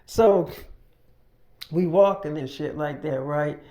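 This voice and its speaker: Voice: mid-range voice, measured pace, pauses often, dark tone. A storyteller narrating an improvised tale in casual, profane slang.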